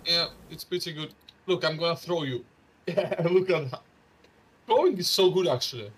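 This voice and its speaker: A man chatting casually while playing a co-op game, excitable and often repeating words. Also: fairly high pitch, normal speed, slight background noise. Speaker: gamer playing co-op.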